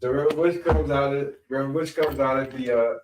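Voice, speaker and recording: A middle-aged man telling a story in a rambling, animated way, often repeating himself as a podcast guest. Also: medium pitch, fast talker, noisy background. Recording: echoey room, mic at a distance.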